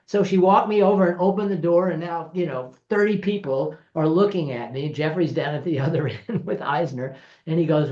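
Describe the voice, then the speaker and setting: A screenwriter recounting studio anecdotes, lively and acting out the people he quotes, laughing as he goes. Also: on the high side, fairly quick. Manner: animated, acts out quoted voices, laughs through stories. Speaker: screenwriter guest. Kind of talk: anecdotal storytelling. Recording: roomy, dull lo-fi sound.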